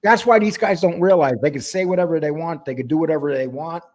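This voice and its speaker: He talks fast, his voice on the high side with a darkish tone. The speaker is a podcast host from New York whose New York accent blends with a Wisconsin one, and his easygoing, chatty delivery jumps around between topics.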